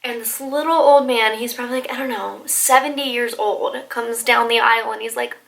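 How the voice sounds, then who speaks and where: A woman in her twenties telling a storytime vlog in an excitable, animated way, full of likes and laughter. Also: on the high side, a little fast, vocal fry, rough recording. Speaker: vlogger.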